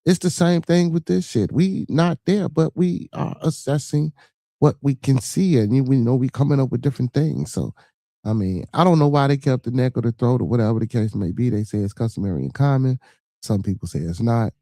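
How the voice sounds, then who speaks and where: Brief: low mellow man, casual rambling podcast talk, dry close mic. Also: brisk, no echo. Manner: loose, rambling, speculative, swears. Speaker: podcast host commenting on a clip. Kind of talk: casual slang-heavy commentary.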